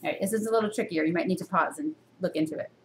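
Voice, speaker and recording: A woman teaching a university reading course in a recorded lecture to a camera, asking her students many questions and jumping up in pitch to stress her points. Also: very fast, slight background noise. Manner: teacherly, full of rhetorical questions; expressive jumps in pitch for emphasis.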